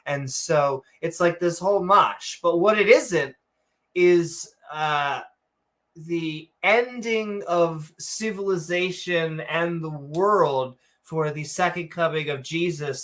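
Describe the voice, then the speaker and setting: A man's voice: fairly high pitch, fairly bright tone. A man co-hosting a skeptic podcast, ranting casually with profanity and frequent restarts. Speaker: podcast co-host. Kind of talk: casual reaction commentary.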